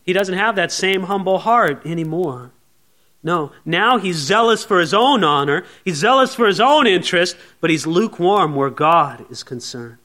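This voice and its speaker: A man's voice: sits high, expressive, moderate pace, sharp tone. A male pastor preaching an earnest Bible sermon, asking rhetorical questions and calling listeners friends.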